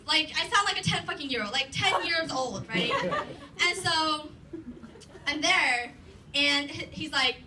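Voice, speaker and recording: Very high-voiced woman doing profane stand-up. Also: moderate pace, a crowd in the background. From Los Angeles area. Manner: profane, rambling storytelling with frequent "like". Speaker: stand-up comedian. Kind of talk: stand-up comedy set. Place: comedy club stage. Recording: distant mic, noisy club.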